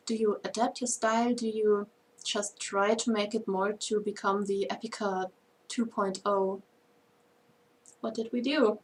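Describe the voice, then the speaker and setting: A woman's voice: mid-range voice, steady tone, unhurried. Chatty German-accented woman. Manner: chatty, laughs often, many fillers. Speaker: band member co-hosting a livestream. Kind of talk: casual livestream chat.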